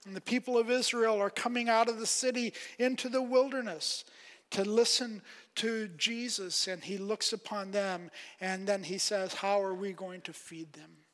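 A man preaching a sermon, emphatic, rising on quoted questions and dropping soft at phrase ends. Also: sits high, steady tone, normal speed. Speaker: pastor. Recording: long hall reverb.

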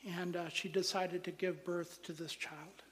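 A pastor with a high, slightly bright voice preaches a sermon in a flat, unhurried delivery, stressing phrases one at a time and letting their endings fall almost to a whisper. Long hall reverb surrounds his voice.

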